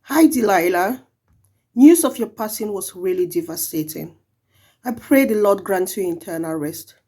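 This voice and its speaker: A woman speaks a gentle, prayerful farewell to a departed colleague. Her voice is mellow and dark-toned, at an average pitch. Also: animated, moderate pace, husky. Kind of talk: personal memorial tribute.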